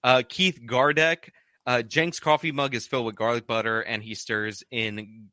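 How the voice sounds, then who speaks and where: A streamer reads viewer donation messages aloud during a laid-back live stream, saying "like" again and again. He has a medium-pitched, bright voice that is steady yet forceful, at a moderate pace. No room sound comes through.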